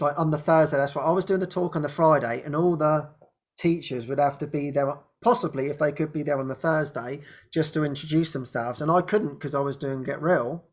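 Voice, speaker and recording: A man with a somewhat high voice hosts an online spiritual talk show. He tells his story casually over a video call, rambling, laughing often, and sinking to a soft hush when he reaches the tender parts. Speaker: host. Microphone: video call microphone.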